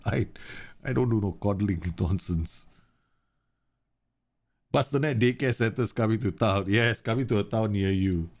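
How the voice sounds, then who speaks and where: Low-voiced gravelly guy streaming a game, chatty and rambling, thirties. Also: unhurried, pauses often. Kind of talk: casual live-stream chat.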